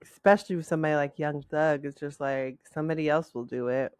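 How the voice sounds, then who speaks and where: A woman with a fairly low voice co-hosts a casual podcast, rambling hesitantly and circling back with fillers. The sound is dry and close, with no room around it. She keeps an easy, chatty pace. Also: steady tone, fast, darkish tone, clear, resonant tone, no echo. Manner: rambling, hesitant, full of "like" and "I don't know". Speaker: podcast co-host. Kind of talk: casual chat.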